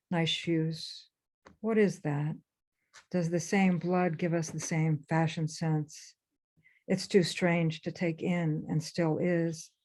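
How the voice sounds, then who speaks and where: A woman author reading her own memoir aloud for a webinar, in a measured, intense first-person delivery. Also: deep voice, darkish tone. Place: remote webinar.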